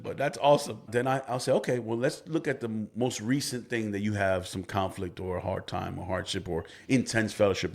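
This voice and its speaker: A middle-aged man co-hosting a couples podcast in casual chat, animated and exclamatory, acting out his clients as he tells stories. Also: sits low, gravelly. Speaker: podcast co-host, couples counselor.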